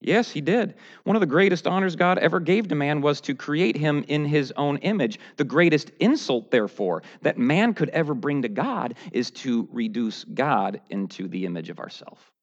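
A man preaching a verse-by-verse sermon, dropping to low, quiet musing and then rising to loud, high mocking outbursts. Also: lively intonation, moderate pace, few pauses, lo-fi sound.

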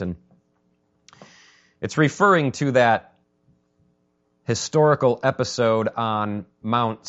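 Animated man preaching a sermon. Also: mid-range voice, highs cut off. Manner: animated, conversational preaching with acted-out quotes. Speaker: pastor.

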